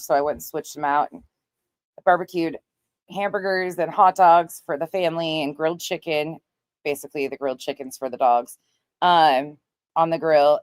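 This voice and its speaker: A woman's voice: low voice, a little mellow, smooth, no room sound. A woman hosting a casual livestream, greeting viewers by name and chatting bluntly, swearing now and then. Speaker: livestream host.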